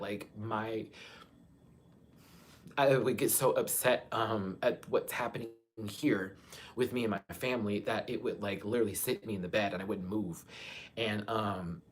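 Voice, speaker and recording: A young man from Texas, hosting a live chat and talking frankly to his viewers, his voice swinging between soft and loud. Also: lowish voice. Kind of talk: candid live-stream talk to viewers.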